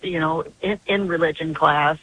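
A woman's voice: sits low, fairly even intonation, moderate pace, fairly bright tone, low-quality recording. An older woman calling in to a radio show by phone, telling her story in a chatty, earnest way with many restarts. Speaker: caller. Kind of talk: call-in radio chat. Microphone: phone line.

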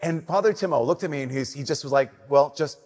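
A young man, a Catholic priest, giving an earnest, conversational homily that drops to soft emphasis. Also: on the high side, fast talker. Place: church. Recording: long church reverb.

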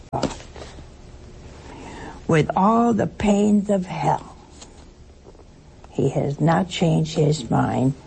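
A woman's voice: low voice, vocal fry, mellow, slightly rough. An older woman giving a chatty, conversational sermon to a broadcast audience, telling stories and asking her listeners rhetorical questions. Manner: chatty storytelling, asks the audience rhetorical questions, laughs often. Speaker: religious speaker addressing a broadcast audience.

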